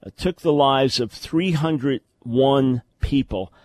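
A man's voice: medium pitch, takes it slowly, a little mellow, no echo. A man hosting a call-in radio talk show, explaining religious questions in a lecturing way with sarcastic asides.

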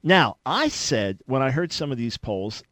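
A man's voice: medium pitch, sing-song, measured pace, fairly bright tone, no room sound. Emphatic male radio talk host. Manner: emphatic, conversational, with sudden bursts of emphasis. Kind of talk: radio talk show monologue.

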